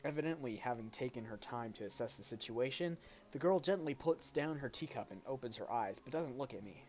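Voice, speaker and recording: A man reading a game's narration aloud on a stream, at an ordinary middle pitch. He stumbles and restarts now and then as he goes. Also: animated, a little fast, darkish tone. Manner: reads aloud with small slips, jokes with a friend. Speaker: streamer reading a visual novel.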